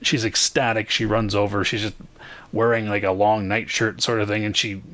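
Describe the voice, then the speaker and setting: A man narrating as game master of a tabletop game, describing scenes in a halting way with many fillers. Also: on the low side, little pitch movement, fairly bright tone.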